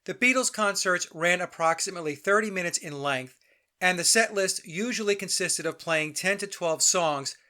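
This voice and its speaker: A man hosting a commentary podcast, reading his narration in a measured, deliberate way. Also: on the high side, bright, forceful tone. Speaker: podcast host.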